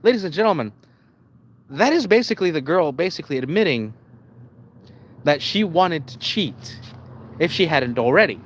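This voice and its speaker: A man giving rambling casual commentary on a live stream. He restarts often and keeps calling out to "ladies and gentlemen.". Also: on the high side, big pitch swings, normal speed, long pauses.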